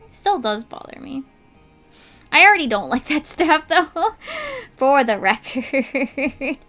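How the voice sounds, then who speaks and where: A woman's voice: high-pitched, very animated, takes it slowly, sharp tone, soft background music. A young woman streamer chatting casually while she draws, telling an indignant story with lots of filler words.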